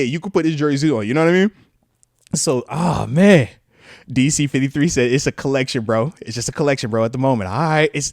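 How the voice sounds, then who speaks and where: A retired football player in his thirties, chatting casually on his show in an animated, slang-filled way and reading viewer comments aloud. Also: a little high, no room sound, clean studio sound. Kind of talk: casual live-stream chat.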